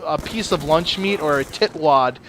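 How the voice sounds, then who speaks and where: A man's voice: on the high side, moderate pace, a little hiss or hum. A young man swearing his way through a casual story while commenting on his own gameplay. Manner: profane, swears constantly; animated, jokey. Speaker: gaming channel host.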